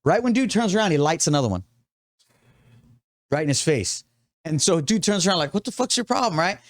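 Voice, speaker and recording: A man's voice: high-pitched, big pitch swings, brisk, no room sound, studio quality. A man telling a story in casual podcast chat. He swears a lot and acts out what other people said. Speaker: tattoo artist host telling a story.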